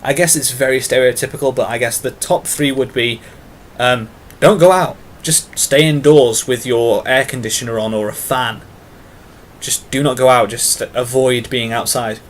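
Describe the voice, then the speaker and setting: A man's voice: mid-range voice, normal speed, a little hiss or hum. Rambling British man vlogging. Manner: rambling and long-winded, with many fillers; self-mocking asides. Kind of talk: casual tag-video monologue.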